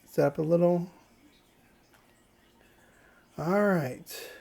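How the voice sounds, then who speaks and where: A woman's voice: fairly low pitch, extremely slow, vocal fry, dark tone. A woman hosting a casual let's play, chatting playfully and reading game dialogue aloud. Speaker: gaming channel host.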